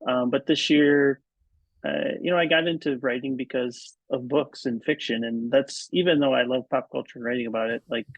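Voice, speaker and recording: Male guest with a gravelly voice, talks in stops and restarts, heard on dull lo-fi audio. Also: mid-range voice, fairly even intonation, no room sound. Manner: halting, many ums and restarts. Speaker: podcast guest, writer and editor. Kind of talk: casual interview chat. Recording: dull, muffled, dry audio.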